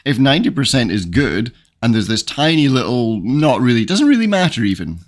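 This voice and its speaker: A man co-hosting a podcast, talking casually and thoughtfully with pauses. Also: mid-range voice, sing-song. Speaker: podcast co-host. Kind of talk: casual conversation.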